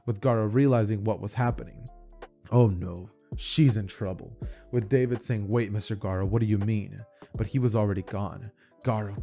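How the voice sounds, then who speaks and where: A narrator tells an imagined fan story in a casual, run-on style, often restarting his phrases. He has a lowish, mellow voice.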